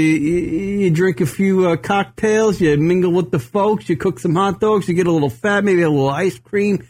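A man from Long Island hosting a radio show from a studio, chatting casually and rambling with lots of fillers and swearing. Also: fairly high pitch. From Long Island, New York. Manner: rambling, profane, many fillers.

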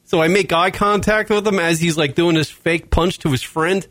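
A man co-hosting a comedy talk podcast, telling stories in a profane, animated way with lots of fillers. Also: on the high side, normal speed, no echo. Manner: animated, swears constantly, frequent fillers. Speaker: podcast co-host.

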